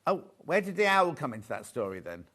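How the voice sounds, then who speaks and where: Lively, chatty male shopping host. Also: on the high side, fairly quick. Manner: chatty, jokey, thinks aloud. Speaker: shopping channel presenter. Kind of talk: live selling chat.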